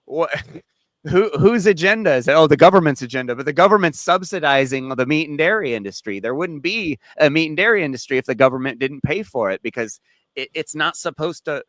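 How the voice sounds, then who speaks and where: A man hosting a casual podcast, telling stories in a rambling, animated way with frequent restarts and swearing. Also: a little high, brisk, no echo. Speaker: podcast host.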